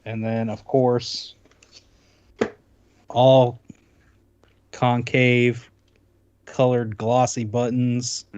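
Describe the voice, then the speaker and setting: A man's voice: medium pitch, flat delivery, very slow, long pauses, a little mellow, smooth, highs cut off. A man co-hosting a podcast in casual chat, rambling with many restarts. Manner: rambling, full of restarts while showing off a console. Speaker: podcast co-host.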